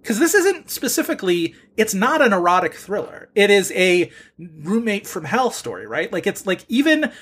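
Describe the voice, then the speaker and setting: A man hosting a podcast in casual chat, animated and full of fillers. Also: high voice, normal speed, breathy edge. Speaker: podcast host.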